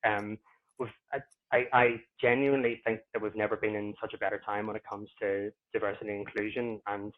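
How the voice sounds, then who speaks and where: A man who is a podcast guest, talking in a reflective, unhurried way and often pausing to find his words. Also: on the low side, level tone. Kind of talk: casual interview conversation. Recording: tinny phone-like line.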